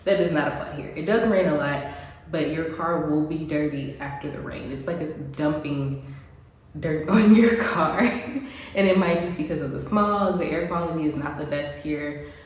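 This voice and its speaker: A woman's voice: low-pitched, moderate pace. An American woman vlogging casually to camera, chatty with frequent ums and little laughs, sounding congested. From United States. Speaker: expat vlogger. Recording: very echoey room, faint background noise.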